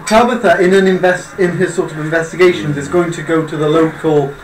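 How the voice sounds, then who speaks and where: A man's voice: a little high, steady tone, brisk. A man playing a tabletop role-play game, switching between casual chat and a prim, overly formal character voice. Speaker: player. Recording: echoey room with background noise.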